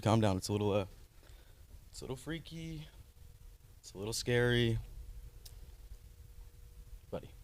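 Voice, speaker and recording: A man's voice: medium pitch, dry recording. A man cutting an in-character wrestling promo as a wrestler, cocky, vain and taunting.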